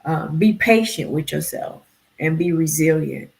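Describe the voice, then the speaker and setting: A woman's voice: deep voice, measured pace, creaky, a little mellow. A woman being interviewed as a PR company head, talking casually in a rambling, self-deprecating way and laughing often. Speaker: guest, PR firm CEO.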